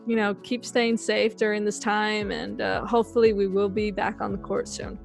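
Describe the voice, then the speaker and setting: A woman, a podcast host, closing an interview with friendly, loose, halting thanks. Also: mid-range voice, little pitch movement, gravelly, music in the background. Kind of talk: casual interview sign-off.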